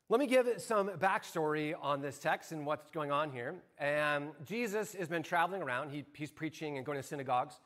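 A man with a notably high voice preaches a sermon in a church sanctuary. He talks in a relaxed, conversational way and often stops to ask the congregation questions. His pace stays easy as he moves between story and scripture. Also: normal speed, hardly any pauses. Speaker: pastor.

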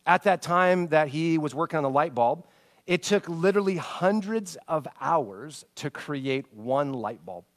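A male preacher delivers a sermon in a fairly high voice. He tells stories with lively swings between loud, emphatic lines and hushed, quiet passages, sometimes tripping over names. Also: measured pace. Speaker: pastor.

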